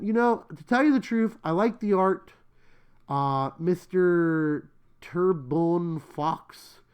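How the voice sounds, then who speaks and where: A podcast host in casual commentary who rants excitably, with slang and emphatic repetition. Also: medium pitch. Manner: slangy, chatty.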